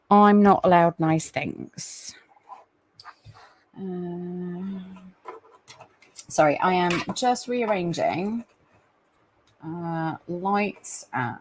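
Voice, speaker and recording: Slow-talking woman hosting a live chat. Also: on the low side, expressive, a little hiss or hum. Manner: chatty, apologetic, many fillers and restarts. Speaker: livestream host.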